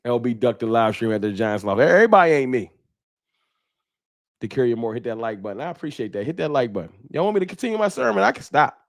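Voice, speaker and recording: A man hosting a fan livestream, talking trash in a preachy, animated way and reading viewer chats aloud. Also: medium pitch, fast talker, creaky. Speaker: sports fan show host.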